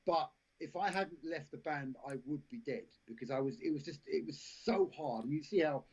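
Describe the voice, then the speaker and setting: A man's voice: fairly high pitch, normal speed, darkish tone, breathy edge. Rambling man telling stories. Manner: rambling anecdotes, frequent restarts, laughs at own stories. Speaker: actor and director, podcast guest. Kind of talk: casual storytelling interview. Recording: lo-fi live stream audio.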